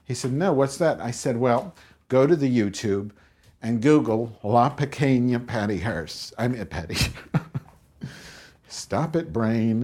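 A man's voice: mid-range voice, animated, takes it slowly, darkish tone. A man hosting his own show, rambling through crude comic stories and acting out both sides of conversations. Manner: crude, rambling, acts out quotes in raised voice. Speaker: podcast host.

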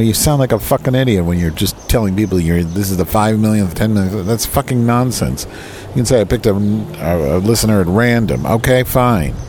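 A man's voice: on the low side, darkish tone. A man ranting in a casual vlog from a park bench, profane, grumbling and self-pitying. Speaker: vlogger. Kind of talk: rambling outdoor vlog rant. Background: birds and passing traffic.

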